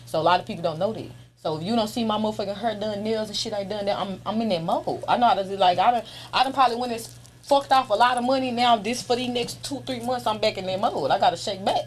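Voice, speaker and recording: A woman's voice: mid-range voice, fast, a little hiss or hum. A young woman, an interview guest talking candidly in a casual chat, blunt and profane, laughing often.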